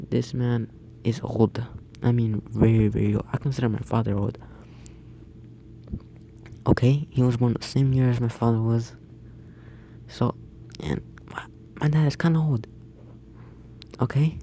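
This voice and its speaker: A young man in casual gameplay commentary, his voice mellow and warm at a middling pitch. He rambles and backtracks, restarting sentences as he tells the story. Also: gravelly, slight background noise. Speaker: gaming YouTuber.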